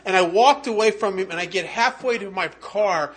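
High-voiced man telling a wry story. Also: moderate pace, a bit bright. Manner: conversational, wry, with frequent restarts. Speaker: speaker at a recovery meeting. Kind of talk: humorous personal storytelling talk.

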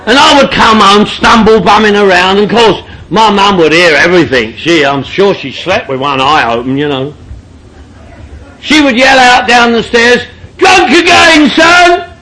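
A middle-aged man with a strikingly high voice tells his story to a meeting room crowd. He is blunt and joking, swears freely and laughs through his lines. His tone is bright and sharp. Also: animated, moderate pace, slight background noise, rough recording. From London, England. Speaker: speaker sharing at a recovery meeting. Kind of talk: comic storytelling to a group.

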